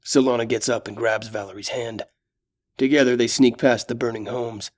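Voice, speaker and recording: A man narrating a young-adult fantasy audiobook. His delivery is steady and dramatic, at an ordinary middle pitch. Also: moderate pace.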